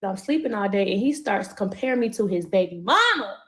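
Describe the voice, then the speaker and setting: Young woman telling a story, lively. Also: mid-range voice, fairly quick. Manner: animated storytelling, acts out quotes.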